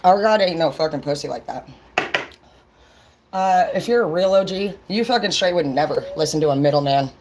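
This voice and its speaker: A woman's voice: deep voice, expressive, moderate pace, a little mellow, slight background noise, poor audio. A woman vlogging in a casual livestream rant, blunt and profane, talking straight to her viewers.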